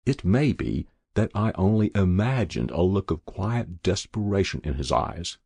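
A man's voice: low voice, expressive, measured pace, creaky, warm tone, slightly rough, no room sound. A man reading a first-person story aloud in a dry narrator's voice. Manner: dry first-person narration, voicing each figure lightly.

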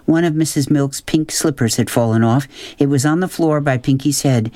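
A man narrating a children's storybook, gentle and expressive. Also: medium pitch, no echo. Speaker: audiobook narrator.

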